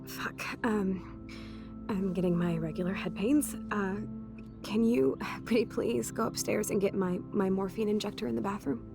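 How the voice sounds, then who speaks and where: A woman's voice: mid-range voice, fairly even intonation, normal speed, creaky, close to an everyday voice. Woman playing a teasing tomboy game character, casual and tender, music in the background. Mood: pleading. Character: rebellious young woman, sardonic and tender.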